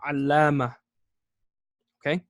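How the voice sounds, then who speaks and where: A man teaching an Arabic lesson, explaining words step by step, repeating key terms slowly and often checking in with "okay?". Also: on the high side, flat delivery, no echo. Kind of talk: classroom lesson.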